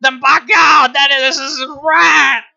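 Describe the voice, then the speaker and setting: A defiant merchant man rants at full shout, his voice pushed high and strained, put on by a male streamer. The sound is very bright and cutting. The audio is dull and lo-fi. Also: fairly even intonation, slow, vocal fry, full character voice. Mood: ranting. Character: ranting frontier merchant man, angry and defiant.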